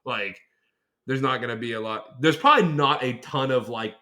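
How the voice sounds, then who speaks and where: A man's voice: medium pitch, moderate pace, bright, forceful tone. A man co-hosting a casual podcast, boisterous and profane, with a Western Pennsylvania accent, often slipping into exaggerated impressions. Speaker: podcast co-host. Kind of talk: casual chat.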